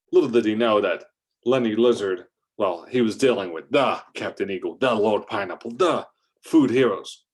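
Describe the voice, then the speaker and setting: A man's voice: fairly low pitch, normal speed, a little mellow. A man narrating an improvised adventure story, rambling along with fillers and restarts.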